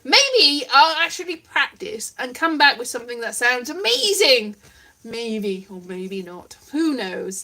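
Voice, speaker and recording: Woman hosting a stream, high voice, slow and jokey. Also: very animated, sharp tone, faint music behind. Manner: self-deprecating, playful, rambling. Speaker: livestream host. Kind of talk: casual chat with viewers. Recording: ukulele in the background.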